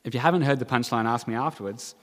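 Guy preaching a sermon, earnest and measured, mid pitch, long reverb behind him. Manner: earnest, measured preaching with dramatic quoted cries. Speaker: pastor.

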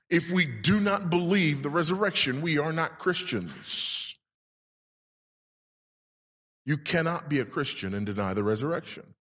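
A man's voice: fairly high pitch, sharp tone, breathy edge. A male pastor preaching a sermon with emphasis, putting rhetorical questions to his congregation. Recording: long reverb in a large hall.

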